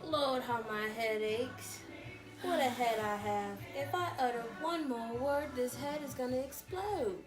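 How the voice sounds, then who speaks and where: A woman's voice: high voice, a little slow, over music. A woman playing a tired nurse who complains and stalls with news. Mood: complaining.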